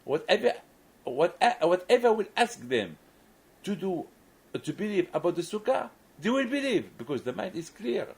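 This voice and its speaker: A man's voice: high-pitched, big pitch swings, moderate pace, slightly rough, rough recording. A man, a rabbi, gives a sermon and tells a story, often restarting and repeating words, in non-native English phrasing.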